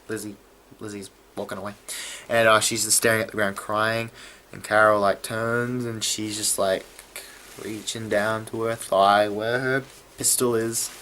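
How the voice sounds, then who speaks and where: Excitable low-voiced man reviewing a show. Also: a little hiss or hum. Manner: excitable, stumbling and restarting mid-sentence. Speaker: TV episode reviewer. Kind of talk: casual video review.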